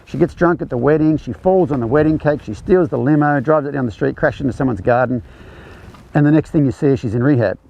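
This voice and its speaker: A man with a gravelly, mid-pitched voice runs a horsemanship clinic, talking through each step while he demonstrates. The sound is dull and lo-fi, like a livestream from an outdoor ranch arena. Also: a little fast, warm tone. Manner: explains conversationally, demonstrating as he speaks. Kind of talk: live teaching demonstration.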